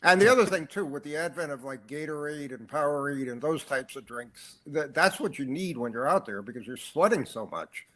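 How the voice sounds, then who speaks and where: A man's voice: a little high, lively intonation, fairly quick, hardly any pauses, a bit bright. A man hosting a podcast interview, chatting casually and reacting to his guest. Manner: conversational, reacts with short interjections. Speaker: podcast host.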